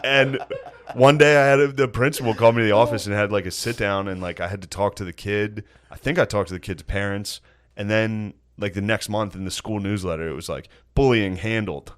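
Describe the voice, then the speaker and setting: A man with a fairly low voice banters on a comedy podcast. He drops dry, profane one-liners and slips into laughter, relaxed and loose. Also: a little fast. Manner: dry quips, swears freely, breaks into laughter. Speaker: podcast co-host.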